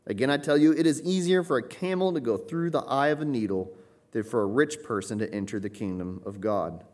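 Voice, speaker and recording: A man's voice: mid-range voice, fairly quick, a little mellow. A man preaching a teaching sermon from the United States, earnest and emphatic, often restarting his sentences. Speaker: pastor.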